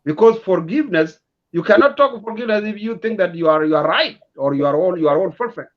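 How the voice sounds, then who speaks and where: A man speaking as a talk show guest, measured and hesitant with many fillers. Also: high-pitched, expressive, muffled recording.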